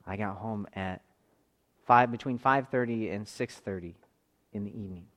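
Earnest man preaching a sermon. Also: medium pitch. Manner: earnest, swells louder on emphasis and drops to a hush. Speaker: pastor. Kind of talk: sermon with personal testimony.

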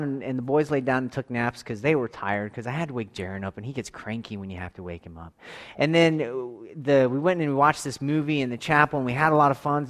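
A man's voice: medium pitch, in a large hall. A man in his thirties casually telling a long family camping story, rambling with restarts and acting out quotes. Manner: rambling, animated, with quick restarts and voiced quotes. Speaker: father telling a church camp story.

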